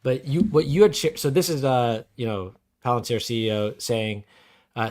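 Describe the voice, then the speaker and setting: A man's voice: medium pitch, fairly even intonation, normal speed, a little mellow. Blunt man in podcast chat. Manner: blunt, sarcastic, emphatic remarks. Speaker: podcast co-host.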